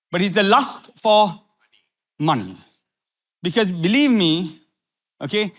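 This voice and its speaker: Middle-aged pastor from sri lanka preaching, kinda high voice, repeats stuff, drops low then gets fiery. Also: male voice, fairly bright tone. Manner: impassioned preaching with repetitions, swings from low asides to fiery rising questions. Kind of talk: sermon.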